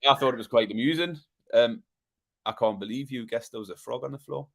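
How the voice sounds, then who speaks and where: A man co-hosting a podcast, telling a story in a casual, animated way and often dropping to a low murmur. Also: brisk, creaky. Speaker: podcast co-host.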